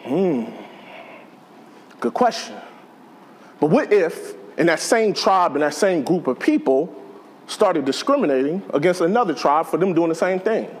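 A man's voice: fairly high pitch, animated, a little slow, pauses often. A man preaching a sermon in a conversational, joking way to a church congregation. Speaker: pastor.

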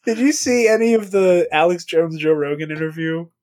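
A man talking as a podcast guest in casual chat, excitable and rambling, swearing freely. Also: a little high, normal speed.

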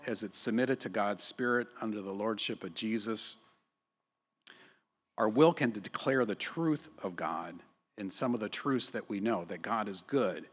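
Male pastor, conversational sermon delivery, slightly low and husky, reverberant church hall. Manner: conversational, frequent tag questions.

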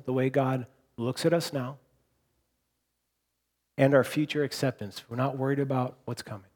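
A pastor in his forties preaches a sermon in a conversational style, repeating and restarting words. His medium-pitched, steady voice moves at a moderate pace with long pauses, swinging between loud emphasis and hushed softness.

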